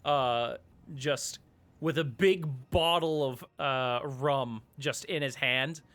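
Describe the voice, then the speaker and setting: A man narrating as game master for a tabletop game, unhurried and often pausing on fillers. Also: mid-range voice, a bit bright.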